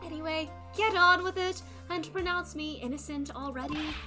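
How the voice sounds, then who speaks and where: A woman's voice: sits high, moderate pace, bright, forceful tone, soft background music. A woman reading the lines of a smug, cruel young male celebrity, taunting and sneering.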